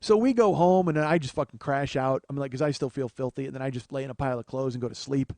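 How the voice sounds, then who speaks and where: A man in his forties tells a long comic story as a podcast host. His speech is rambling and profane, with sudden rants. His pitch sits mid-range and the recording is dry and close. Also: fast, mellow, no room sound. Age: 40s. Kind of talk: storytelling monologue.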